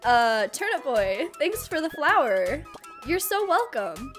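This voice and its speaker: A woman voicing a sweet, prim female strawberry in a video game who is polite and gently dismissive. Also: sits high, very animated, slow, soft background music, heavily acted.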